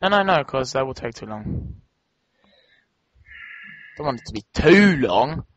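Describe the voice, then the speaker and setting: A young man playing a video game with a friend, chatting casually, excitable and swearing as he cheers the game on. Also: mid-range voice, measured pace, dry recording. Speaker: game co-player. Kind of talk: casual let's-play chat. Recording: dull lo-fi dry home recording.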